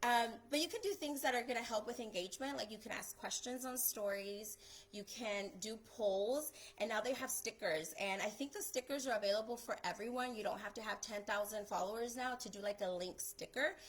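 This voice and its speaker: Chatty, excited woman giving tips. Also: on the high side, brisk, rough recording. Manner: excited, chatty, filler-heavy. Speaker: photographer hosting a live stream. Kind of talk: casual live-stream tips talk.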